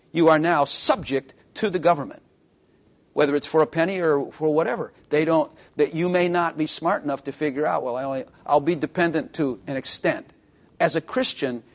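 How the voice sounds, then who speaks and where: A man preaching a sermon, emphatic, repeating phrases and asking the congregation questions. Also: on the high side.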